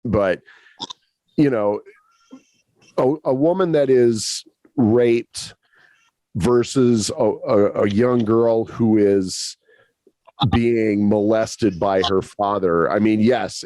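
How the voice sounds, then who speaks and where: Slow, blunt male co-host, dry sound. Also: fairly low pitch, warm tone, no room sound. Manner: blunt, halting, restarts often. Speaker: podcast co-host. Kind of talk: podcast conversation.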